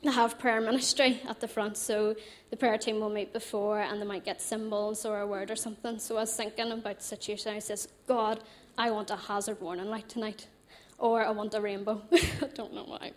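Chatty Northern Irish woman, fairly high voice. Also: brisk. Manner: animated, chatty, laughs often. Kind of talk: personal testimony storytelling.

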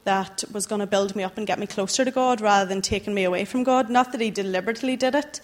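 A young woman, giving an earnest, halting personal testimony to a church group, emotional as she tells it. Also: mid-range voice.

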